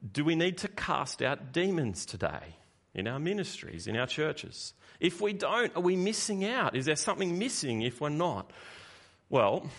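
A man preaching a sermon, animated and conversational, swinging between loud emphasis and quiet asides. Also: mid-range voice.

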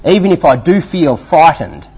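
A man reading aloud the lines of an earnest young boy from a storybook, in a husky voice. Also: on the high side, very animated, moderate pace, a little mellow, dull audio.

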